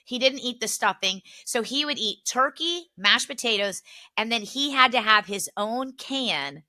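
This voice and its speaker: A young woman co-hosting a podcast, telling family stories in a casual, animated way, laughing often and acting out what relatives said. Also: on the high side, measured pace. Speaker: podcast co-host. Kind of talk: casual chat, storytelling.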